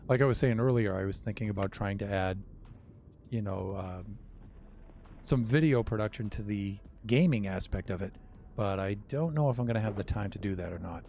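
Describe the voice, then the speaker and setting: A man's voice: fairly low pitch, moderate pace, a little mellow, a little hiss or hum. An older man streaming a game, chatting in a rambling, wry way with self-mocking asides. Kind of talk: casual gameplay chat.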